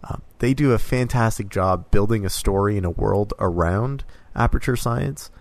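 A man co-hosting a casual podcast, talking about games in a measured, thoughtful way with "um" pauses. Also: fairly low pitch, vocal fry. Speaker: podcast co-host. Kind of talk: casual game discussion.

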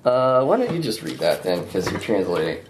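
Halting man running a tabletop game. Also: deep voice, sing-song. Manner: halting, many fillers and restarts. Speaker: game master. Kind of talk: narrating a tabletop horror game. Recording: noisy recording.

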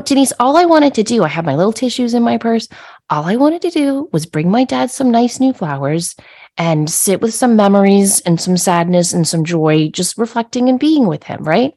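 A middle-aged woman hosting a podcast, telling a personal story in a conversational way. She is animated and laughs as she acts out her own yelling. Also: medium pitch. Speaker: podcast host.

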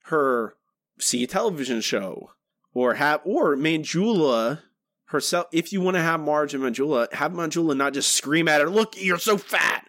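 A man's voice: on the high side, moderate pace, no echo, studio quality. A man co-hosting a podcast, talking casually and rambling with frequent restarts. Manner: rambling, many restarts, animated. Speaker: podcast co-host.

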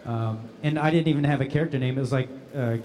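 A man's voice: mid-range voice, fast talker, big-room sound. A man answering fan questions at a convention panel in a casual, laughing storytelling manner. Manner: laughing, animated anecdotes acting out other voices.

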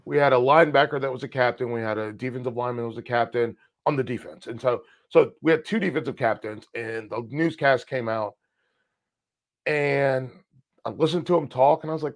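Guy on a podcast telling stories, gets loud and animated, cusses a lot, acts out what people said. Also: mid-range voice, moderate pace, pauses often. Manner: animated, swears freely, acts out past conversations. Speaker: podcast co-host. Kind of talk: casual storytelling chat.

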